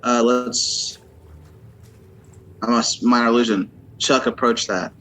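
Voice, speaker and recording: A man's voice: mid-range voice, level tone, unhurried, sharp tone. A man playing a tabletop game, chatting casually with the group. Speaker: player. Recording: faint background noise.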